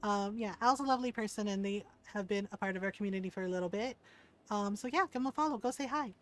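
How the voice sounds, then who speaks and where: A woman's voice: medium pitch, fast. A woman streamer chatting casually with her live viewers, telling stories animatedly and often asking "right?". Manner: animated storyteller, tags sentences with "right?"; warm greetings to viewers by name. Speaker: variety streamer.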